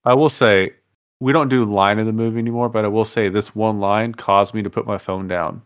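A man's voice: fairly low pitch, steady tone, a little fast, clear, resonant tone. A man hosting a casual movie-review podcast, easygoing and loose as he steers the group through the segments. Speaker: podcast host running the segments.

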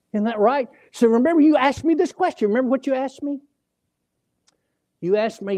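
A man preaching a sermon, folksy and animated, acting out voices as he tells stories in church. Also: sits high, no echo. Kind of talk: sermon with storytelling.

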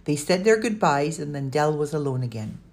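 A woman narrating a children's audiobook in a steady storytelling manner. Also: sits low, brisk.

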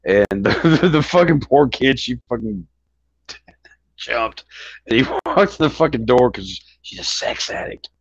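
A man's voice: mid-range voice, animated, unhurried, slightly rough, no echo. Rambling, swearing man on a dull dry mic. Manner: rambling, swears a lot, many restarts. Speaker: podcast co-host. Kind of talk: casual chat about movies. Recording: dull lo-fi sound.

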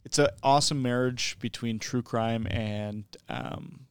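A man's voice: mid-range voice, fairly even intonation, a little slow, clean tone, no room sound, studio quality. A man co-hosting a casual podcast, talking with many ums and uhs. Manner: hesitant, fills with um and uh. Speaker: podcast co-host. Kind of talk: casual chat.

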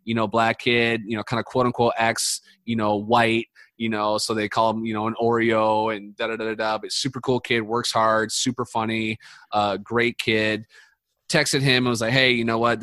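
A man's voice: fairly low pitch, little pitch movement, fairly quick, fairly bright tone, no echo. A young man from the United States, a podcast guest, telling a long story in casual chat, swearing freely and full of fillers and restarts.

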